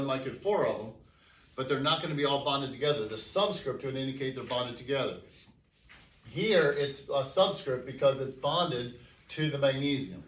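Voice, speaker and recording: During a classroom lecture, a medium-pitched, slightly bright-voiced man teaching high school chemistry asks his students questions and then answers them. The recording is distant and echoey.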